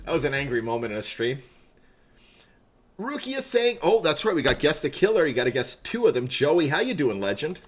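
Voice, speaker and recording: Lively, bright-voiced male game streamer. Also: fairly high pitch, brisk, a little hiss or hum. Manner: excitable, yelps and laughs at game moments. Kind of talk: casual gameplay chat. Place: room at home.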